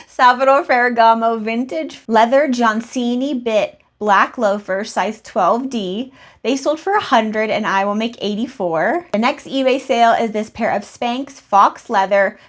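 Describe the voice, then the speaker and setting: Chatty woman reseller, fairly high voice. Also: a little slow. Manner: chatty, rambling asides, laughs at herself. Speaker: reseller vlogger. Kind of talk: casual sales recap.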